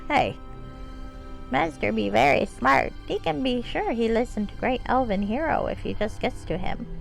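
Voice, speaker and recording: A woman voicing a timid, fawning male kobold bard who talks in broken grammar and refers to himself by name, in a high squeaky voice. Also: lively intonation, normal speed, gravelly, faint music behind, rough recording. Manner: high squeaky voice, some lines strained and out of breath. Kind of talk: live game-stream character voicing.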